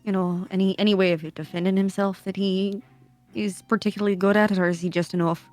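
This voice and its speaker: A woman's voice: mid-range voice, steady tone, a little fast, darkish tone, faint music behind. A woman playing a tabletop role-play game, chatty and laughing often between her lines. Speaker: player.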